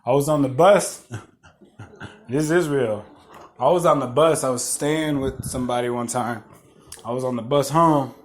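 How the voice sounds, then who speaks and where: Rambling, animated man telling stories. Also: mid-range voice, a little slow, pauses often. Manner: animated, rambling, swears freely, laughs at own stories. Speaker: podcast host. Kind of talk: casual storytelling monologue.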